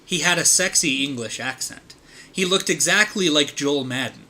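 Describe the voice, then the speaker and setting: A man's voice: fairly high pitch, moderate pace, sharp tone. A man hosting a comedic read-aloud with friends, laughing often and stumbling over the text. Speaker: host reading a fanfiction aloud.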